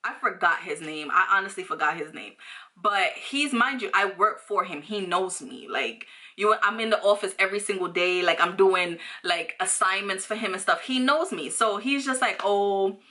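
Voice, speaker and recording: A woman's voice: mid-range voice, lively intonation, normal speed, pushed and bright. A young woman from New York telling a storytime vlog, rambling with lots of fillers and slang. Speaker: vlogger.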